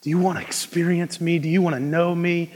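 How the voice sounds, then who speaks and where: A young man preaching a sermon, moving between hushed intensity and loud, emphatic delivery. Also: on the high side, flat delivery, brisk. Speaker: pastor. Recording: long reverb of a large hall.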